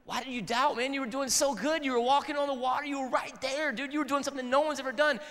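A man's voice: extremely high pitch, fairly even intonation, fast talker, fairly bright tone, pitched above the performer's own voice. A man voicing Jesus as a laid-back, teasing young man with casual slang. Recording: long hall reverb.

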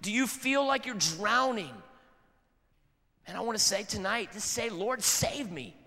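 A man's voice: high-pitched, expressive, measured pace, bright, forceful tone. A man in his thirties preaching a sermon in a casual, conversational and earnest way. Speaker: pastor. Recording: long hall reverb.

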